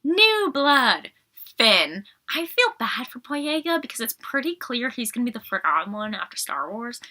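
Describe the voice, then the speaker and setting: Young female podcast host, bright and sharp, sarcastic and fed-up casual rant, slightly sick. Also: a little high, normal speed. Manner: exasperated, sarcastic, animated. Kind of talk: casual film review rant.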